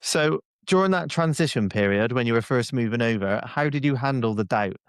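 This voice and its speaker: A man hosting a podcast interview, talking in an easygoing, halting way with many ums and restarts. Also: mid-range voice, lively intonation, clear, resonant tone, no room sound, studio quality. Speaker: podcast host. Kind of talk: casual interview.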